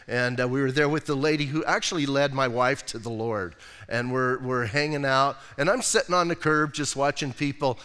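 A man's voice: medium pitch, a bit bright. A middle-aged man, a pastor preaching a casual sermon, telling personal stories and reading scripture aloud. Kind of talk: conversational sermon. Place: church sanctuary. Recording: long hall reverb.

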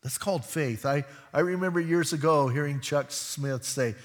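A male pastor giving a sermon, talking in a lively, conversational way and acting out the people he describes. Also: on the high side, normal speed. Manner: lively, conversational preaching that acts out voices. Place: church sanctuary. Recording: long hall reverb.

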